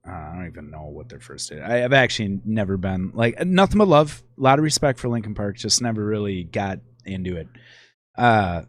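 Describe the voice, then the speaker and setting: A man's voice: on the low side, expressive, a little fast, no echo. A man from Minnesota, a musician and guest, telling stories in a rambling, laid-back podcast chat. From Minnesota, USA.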